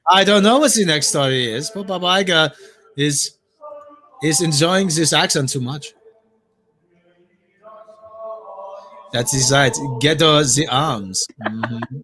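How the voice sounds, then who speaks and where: A man's voice: sits high, huge pitch swings, fairly bright tone, soft background music, heavily acted. Man doing a smug German-accented mogul. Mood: pompous. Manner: smug, chuckling, drawn-out delivery. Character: pompous scheming rich male media mogul. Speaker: co-host.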